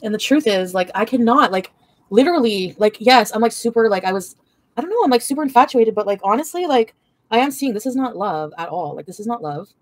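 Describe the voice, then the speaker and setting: A woman's voice: a little high, lively intonation, brisk, no room sound. A young woman livestreaming an angry, profane, rambling rant full of fillers.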